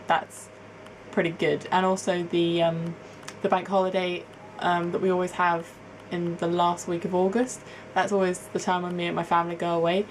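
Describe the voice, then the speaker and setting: A woman's voice: on the low side, slight background noise, poor audio. A young woman from England chatting to camera as a vlogger, rambling and laughing at herself. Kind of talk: casual chat to camera, answering a tag.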